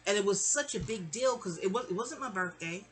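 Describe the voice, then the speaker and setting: A middle-aged woman from New York tells a personal story to the camera in a loose, chatty storytime monologue. Her voice is bright and forward. She talks in an animated way and keeps slipping into other people's voices as she goes. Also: mid-range voice, a little fast, faint music behind.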